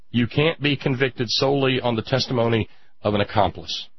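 A man delivering an impassioned political monologue as a radio commentator, indignant, with drawn-out emphatic pauses. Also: mid-range voice, lo-fi sound.

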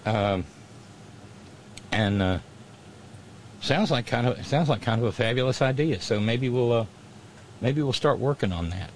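A man's voice: mid-range voice, animated, a little slow, long pauses, a little hiss or hum. A man hosting his own radio show, talking to listeners in a loose, rambling monologue full of restarts and fillers.

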